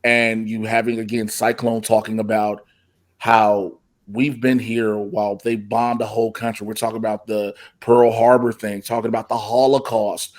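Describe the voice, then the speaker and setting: Animated man co-hosting a tv review. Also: lowish voice, normal speed. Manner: animated, laughing, slangy. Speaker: co-host of a TV review show. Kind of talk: casual review chat.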